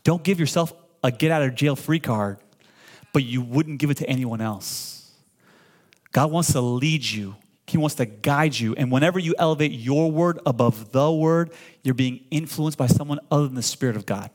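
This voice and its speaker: A man in his forties preaching a sermon, animated and full of call-and-response, often stammering and repeating words when excited. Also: medium pitch, moderate pace. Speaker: pastor.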